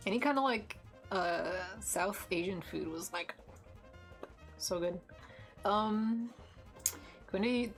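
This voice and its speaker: A woman's voice: mid-range voice, fairly bright tone. A young American woman streaming, chatting casually while she draws, rambling with lots of fillers and restarts. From United States. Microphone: desk mic with headphones.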